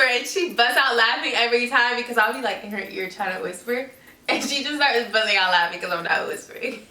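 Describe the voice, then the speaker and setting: A young woman chatting loudly and playfully in a casual vlog. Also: medium pitch, far from the mic. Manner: loud, goofy and chatty. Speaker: vlogger. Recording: echoey room, off the mic.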